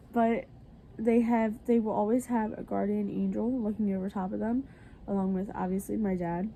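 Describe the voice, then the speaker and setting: Tired, gravelly-voiced woman vlogger, earnest. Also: medium pitch, dark tone, slight background noise. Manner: earnest, confiding. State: tired and congested. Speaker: family vlogger. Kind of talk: casual personal talk to camera.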